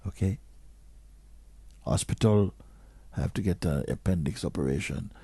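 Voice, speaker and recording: A man giving a slow, questioning spiritual talk to an audience, sometimes dropping to a near whisper. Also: sits low, mellow, slightly rough, no echo. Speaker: spiritual teacher.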